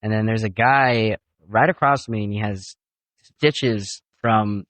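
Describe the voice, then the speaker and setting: Young man telling a lively story. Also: fairly low pitch, measured pace, no room sound. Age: young adult. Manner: animated storyteller, swears casually. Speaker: guest, son. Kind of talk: casual family podcast chat.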